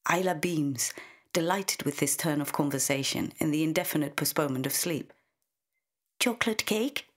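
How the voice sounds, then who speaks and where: A woman narrates a short story in a measured, intimate way. Her voice sits low and carries a husky, breathy edge. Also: steady tone. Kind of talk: scripted narration.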